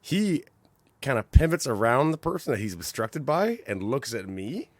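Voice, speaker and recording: In a dry recording, a mid-range male voice moves at normal speed through casual podcast banter. As co-host, he's an animated storyteller who impersonates the people he describes.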